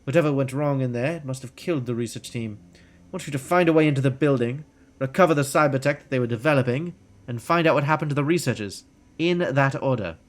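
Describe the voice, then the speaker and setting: A haughty, melodramatic elf doctor fallen from grace, as a man reads him aloud from a game. He speaks smoothly and grandly, at a middle pitch. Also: fast talker, close to an everyday voice. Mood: businesslike. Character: pompous disgraced male elf doctor. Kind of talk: reading game dialogue aloud.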